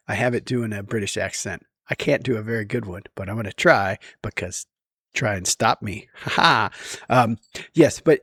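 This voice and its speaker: A man's voice: medium pitch, lively intonation, moderate pace, fairly bright tone, husky, no room sound, studio quality. A man talking casually to camera in a rambling way, with many ums and restarts and frequent chuckles. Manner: chuckles often while talking. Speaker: vlogger.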